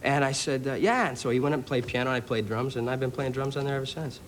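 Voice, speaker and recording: A man's voice: mid-range voice, flat delivery, rapid-fire, slight background noise. A young man, an actor guest, rambling through an anecdote with many fillers on a talk show. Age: young adult. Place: TV studio with audience.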